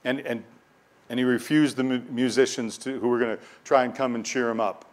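A man delivering a sermon in a plain, mid-pitched voice, preaching straight through scripture. He leans into key words with sudden force and often repeats a word or phrase as he drives a point home. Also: steady tone, a little fast. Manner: preaching with swelling emphasis, repeats words when stressing. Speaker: pastor.

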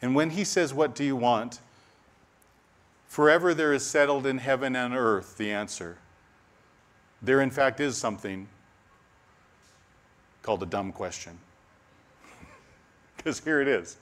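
A man preaches a sermon in an ordinary middle-pitched voice. He is animated, laughs at his own asides and drops to a soft, quiet hush for the key lines. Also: unhurried, long pauses.

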